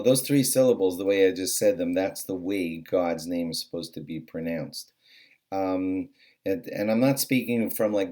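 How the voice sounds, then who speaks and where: Deep-voiced man teaching a short religious lesson. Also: darkish tone. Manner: earnest, repeats key points slowly and deliberately; casual with fillers. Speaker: host teaching daily Jewish law. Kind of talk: short spoken halacha lesson.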